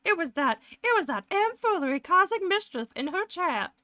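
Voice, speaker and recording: A woman putting on a high, bubbly voice for an excited gossiping chat viewer. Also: normal speed, no echo, clean studio sound, heavily acted. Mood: gushing.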